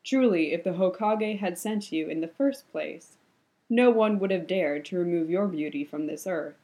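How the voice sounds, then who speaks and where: A silky, imposing male ruler who purrs his courtesies with a thread of chill underneath, as a woman reads him. The voice sits low and mellow, warm rather than bright, and his charm never quite hides the menace. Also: normal speed, close to an everyday voice. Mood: smooth, courteous. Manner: sweet, purring, with a cool edge. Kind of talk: audiobook-style fan fiction reading.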